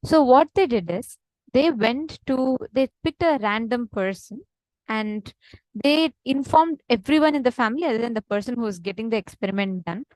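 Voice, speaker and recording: A woman giving an earnest online spiritual talk, telling a story and slowing down for emphasis. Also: a little high, a little mellow, no room sound. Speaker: meditation teacher. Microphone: online video call.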